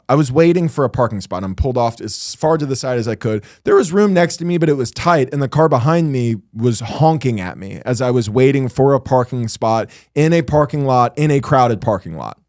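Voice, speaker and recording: A man's voice: mid-range voice, moderate pace, hardly any pauses, no echo, clean studio sound. A man hosting a casual comedy podcast, telling stories with lots of swearing and acted-out quotes. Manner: animated storytelling, swearing, acting out quotes. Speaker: podcast host.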